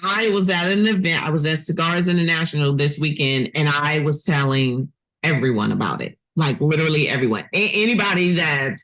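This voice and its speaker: A woman hosting a casual interview, effusive and chatty with quick backchannels. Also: low voice, fairly bright tone, rough recording. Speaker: podcast host, interviewer.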